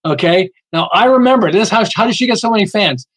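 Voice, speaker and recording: Guy on a podcast, high voice, punchy storyteller, keeps going "okay?". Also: lively intonation, fairly quick, few pauses, a bit bright, rough recording. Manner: emphatic, keeps asking "okay?", acts out quotes. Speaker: podcast guest, marketing author. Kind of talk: animated storytelling interview.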